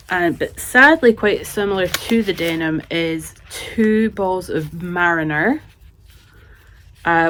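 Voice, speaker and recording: A woman with a low-pitched voice chats casually about yarn for her knitting vlog, filming herself on a handheld camera. She rambles a little and talks to her cat as she goes. It was recorded in her home office and craft room. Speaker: knitting vlogger.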